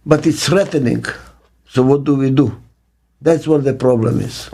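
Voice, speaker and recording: An older man giving an interview as a business consultant, speaking slowly and emphatically and repeating key words for stress. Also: medium pitch, dark tone, a little hiss or hum. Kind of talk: reflective interview monologue. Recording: faint music underneath.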